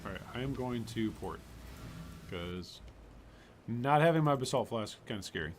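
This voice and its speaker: Over slight background noise, a male streamer talks at an ordinary pace in an animated, mid-range voice. He jokes around with his chat as he plays a video game, keeping the commentary casual, chatty, and playful.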